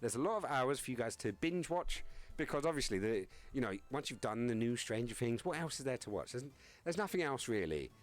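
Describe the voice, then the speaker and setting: A man's voice: mid-range voice, very animated, a little fast. A young man streaming live, chatting casually with viewers, reading chat aloud and joking around. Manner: rambling, joking, reads chat aloud and laughs often.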